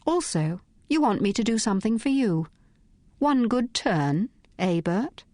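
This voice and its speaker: A woman voicing a glamorous, fearless young woman detective who talks crisply and with assurance. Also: fairly high pitch, very animated, unhurried, dark tone, no echo, pitched above the performer's own voice. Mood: persuasive.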